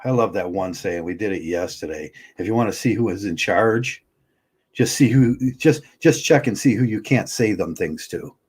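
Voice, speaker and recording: A man's voice: fairly low pitch, lively intonation, moderate pace, darkish tone, husky. A man hosting a livestream, ranting heatedly and bluntly, often stumbling and restarting his words. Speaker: livestream host.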